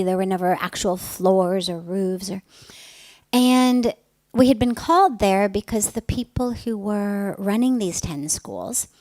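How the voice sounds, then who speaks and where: A middle-aged woman, a spiritual teacher, telling a personal story in an earnest, emphatic way that often softens to a breathy hush. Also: mid-range voice, no echo.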